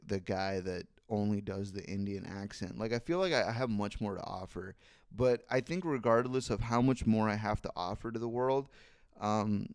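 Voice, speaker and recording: A man's voice: lowish voice, a little mellow, clear, resonant tone, no room sound, clean studio sound. A young man in his twenties hosting a solo podcast, thinking aloud in a rambling way and swearing freely into a microphone. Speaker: podcast host. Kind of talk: casual solo podcast monologue. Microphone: studio microphone.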